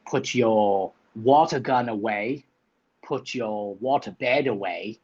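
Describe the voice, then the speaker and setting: A male livestream host keeps the banter teasing and silly, hamming it up with a ridiculous accent. His voice is slightly husky. The stream audio sounds muffled and lo-fi. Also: on the low side, slow, darkish tone. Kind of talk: playful livestream chat.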